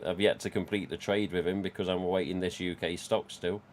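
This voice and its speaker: A man's voice: sits low, steady tone, fairly quick, a little mellow, slight background noise. A man, casually chatting and rambling on a live stream from home. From England. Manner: rambling, chatty, reads out chat.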